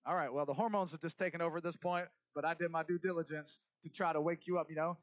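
Male pastor, sermon, high voice, animated delivery, muffled sound. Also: rapid-fire, hardly any pauses, no echo. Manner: animated, swinging between loud emphasis and soft asides.

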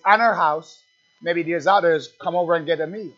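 High-pitched man preaching, call-and-response refrains, dull lo-fi sound, faint music behind. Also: a little slow, a bit bright. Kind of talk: sermon.

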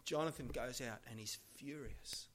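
A male preacher delivering a sermon as lively storytelling that swings between hushed and loud. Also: mid-range voice, normal speed, noisy background. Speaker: pastor.

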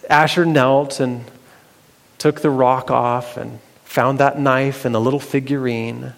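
A man telling a Bible story aloud, unhurried and halting, with fillers and restarts. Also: medium pitch, creaky. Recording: long hall reverb.

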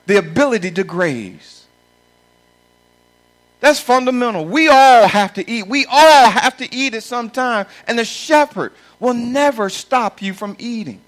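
A middle-aged man preaching a sermon, emphatic and often shouting, repeating lines for stress. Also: high voice, animated, measured pace, poor audio.

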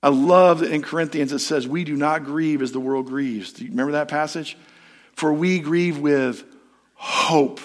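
A man's voice: on the high side, moderate pace. A man, a pastor, preaching a sermon in a storytelling, conversational way and putting questions to the congregation.

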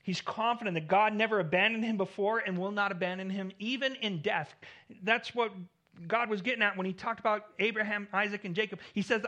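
At a brisk pace, a male pastor delivers his sermon earnestly, growing louder at key points and letting phrase endings drop low.

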